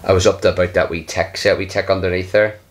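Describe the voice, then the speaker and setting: A man's voice: sits low, level tone, fast. A man commenting casually on his own game play, muttering in frustration, sighing and swearing under his breath. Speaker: gaming channel host.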